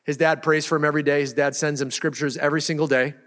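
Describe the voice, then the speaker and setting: Casual preacher in a reverberant hall. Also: male voice, on the high side, little pitch movement, fast talker, a bit bright. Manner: casual, storytelling, restarts often. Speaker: pastor. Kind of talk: sermon. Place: church sanctuary.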